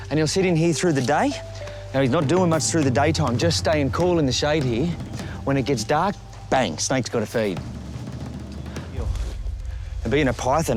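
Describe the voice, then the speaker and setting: A middle-aged Australian man presenting wildlife on location outdoors, chatty and lively, often talking straight to the animal. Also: on the high side. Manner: lively, chatty, talks directly to the snake. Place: outdoors in the bush and by a road.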